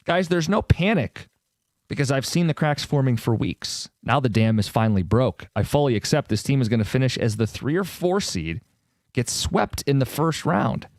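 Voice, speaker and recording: Male sports radio host, middling pitch, opinionated and wry, dry close studio mic. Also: sing-song, normal speed, darkish tone, dry recording. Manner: opinionated, wry, sarcastic asides. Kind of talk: sports talk radio banter. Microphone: studio microphone.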